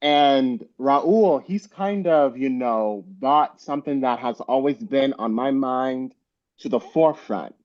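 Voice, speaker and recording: A male guest on a video chat speaks slowly and emphatically, hammering his points home. His tone is mellow and a little high, and the call audio sounds slightly muffled. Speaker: guest panelist. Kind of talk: casual group video chat.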